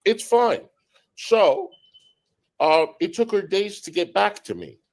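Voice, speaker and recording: A man on a stream panel telling an aggrieved story, animated, acting out what others said to him. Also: high voice, takes it slowly, low-quality recording. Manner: aggrieved, animated, acts out quoted dialogue. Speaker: panel guest.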